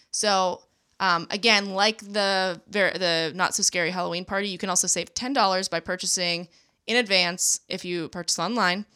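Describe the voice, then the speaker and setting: Chatty woman with vocal fry. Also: lowish voice, pushed and bright. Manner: chatty, lots of fillers and restarts. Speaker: podcast co-host. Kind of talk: casual chat.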